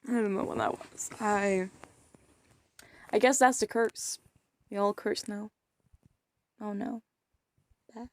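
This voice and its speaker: A woman speaks at a medium pitch in a steady tone, slowly and with frequent pauses. She's an eighteen-year-old vlogger chatting casually while playing a game, rambling and self-deprecating and often trailing off into mumbles.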